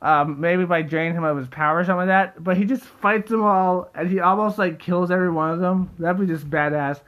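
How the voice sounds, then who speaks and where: A young man rambling excitedly in a casual solo video, full of fillers and restarts. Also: high voice, brisk, dull audio. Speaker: theory video host.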